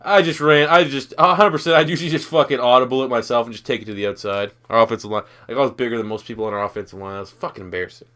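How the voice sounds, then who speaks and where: A man's voice: mid-range voice, very fast, few pauses, bright, forceful tone. A young man from Canada giving loose, profane, rambling commentary over his own football video game. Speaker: gaming YouTuber. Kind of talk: casual gameplay commentary.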